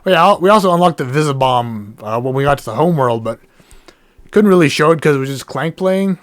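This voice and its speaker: A man hosting a let's play, giving casual rambling commentary with frequent self-corrections and jokey asides, his voice going hoarse and cracking. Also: fairly high pitch, lively intonation, brisk, fairly bright tone, no room sound. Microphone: desk mic with a cable that gets knocked. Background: game music.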